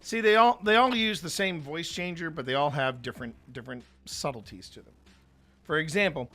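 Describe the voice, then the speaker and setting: A man's voice: fairly high pitch, a little fast, bright, forceful tone. A man hosting a paranormal investigation channel, chatting casually with many stumbling restarts. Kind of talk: casual chat, footage review.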